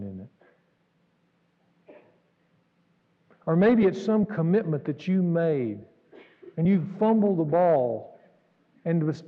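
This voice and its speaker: A man pastor delivering an earnest, dramatic sermon, jumping between raised exclamations and hushed asides. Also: a little high. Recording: dull recording in a reverberant hall.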